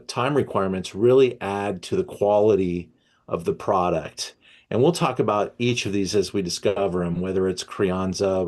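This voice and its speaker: Guy hosting a wine tasting class, lowish voice, relaxed with lots of uhs. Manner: easygoing, with many ums and uhs. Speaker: wine shop host. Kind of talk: educational wine session.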